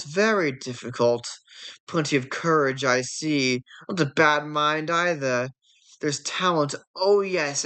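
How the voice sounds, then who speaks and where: A woman voicing an old talking magic hat that ponders slowly in a fan reading of a film script. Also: sits low, fairly bright tone, full character voice. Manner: musing, drawn-out pondering.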